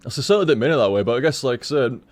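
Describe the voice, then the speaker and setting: A man's voice: mid-range voice, lively intonation, rapid-fire, darkish tone. A man chatting casually on a game stream, rambling and swearing, tripping over his words.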